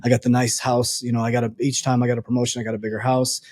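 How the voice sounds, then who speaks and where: A man's voice: mid-range voice, very fast, no echo, studio quality. A man, a coach and podcast guest, telling his life story in a casual interview and acting out the lines of people he quotes. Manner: animated storyteller, acts out quoted dialogue. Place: lives in Arizona.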